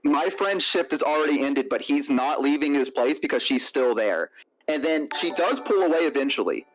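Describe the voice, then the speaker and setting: A man's voice: a little high, moderate pace. A young man chats on a stream, telling a long story. He acts out the other people in it as he goes, and his mic sounds crunchy and lo-fi. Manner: animated storytelling, acts out quotes. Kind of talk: casual storytelling.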